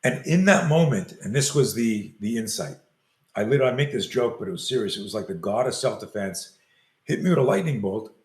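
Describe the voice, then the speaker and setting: This older man, a self-defense coach, has a fairly low voice and a brisk delivery. He tells a long story in an interview, acting out the quoted dialogue with animation, and the audio carries a roomy echo.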